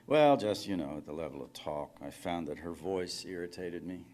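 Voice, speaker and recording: A man's voice: deep voice, moderate pace, noisy background, close to an everyday voice. A man reading fiction aloud, voicing a lonely middle-aged man who rambles and apologizes on a phone call. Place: conference reading room.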